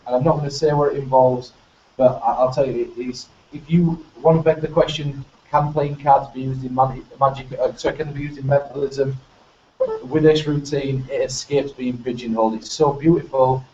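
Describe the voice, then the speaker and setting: A man with a Northern English accent hosts a casual group chat, talking eagerly and circling back on himself. His voice is soft and warm, and it sounds roomy and far from the mic. Faint background noise sits under a dull, muffled recording. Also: medium pitch, steady tone, brisk. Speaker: host.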